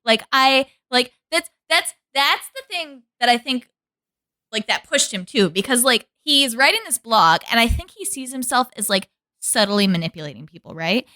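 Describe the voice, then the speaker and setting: A woman co-hosting a casual podcast chat, animated, laughing often and acting out quotes. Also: a little high, moderate pace, no echo. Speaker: podcast co-host.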